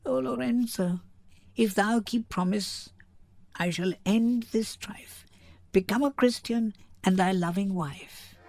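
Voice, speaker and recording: A woman's voice: mid-range voice, slow pace, creaky, darkish tone. A woman reading a wistful young daughter. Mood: yearning. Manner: wistful, earnest verse. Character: unhappy young daughter longing to elope. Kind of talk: dramatic reading.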